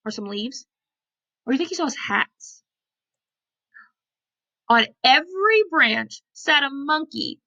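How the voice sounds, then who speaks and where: A woman preschool teacher reading a picture book aloud to young children, animated and often asking them questions, on a computer mic. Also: sits high, takes it slowly, pauses often. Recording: lo-fi computer recording.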